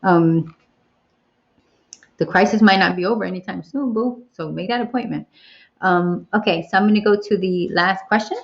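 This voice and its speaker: A woman's voice: mid-range voice, normal speed, long pauses. A woman hosting a casual livestream Q&A, talking candidly and swearing freely. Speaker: livestream host. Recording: dull lo-fi livestream audio.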